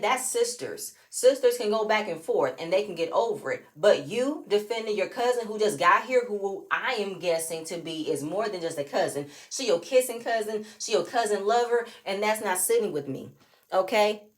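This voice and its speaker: Sassy, animated woman recapping reality TV. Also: medium pitch, normal speed. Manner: animated, sassy, reenacts quotes in shifting voices. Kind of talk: casual recap commentary.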